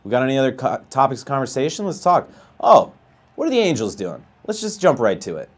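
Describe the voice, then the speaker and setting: A man playing a baseball video game live, chatting with viewers and ranting with a voice that climbs high when he gets outraged. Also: wildly swooping pitch, quick pace. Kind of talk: live gameplay commentary and chat.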